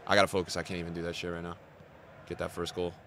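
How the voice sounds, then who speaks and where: A young man commentating his own football video game on a stream, with a sore throat, grumbling low and then bursting out loud and swearing. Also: rapid-fire, a little hiss or hum. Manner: swings from flat grumbling to loud outbursts, swears a lot. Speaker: gaming streamer. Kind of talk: live gameplay commentary.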